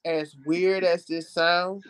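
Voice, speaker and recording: A man hosting a casual film discussion, animated and repeating phrases for emphasis. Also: high voice, slow, clear, resonant tone, poor audio. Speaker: podcast host.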